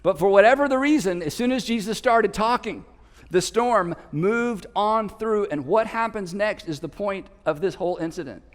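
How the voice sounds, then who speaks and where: Male pastor, high voice, animated sermon storytelling with shouted bursts, recorded in a reverberant church auditorium. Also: normal speed.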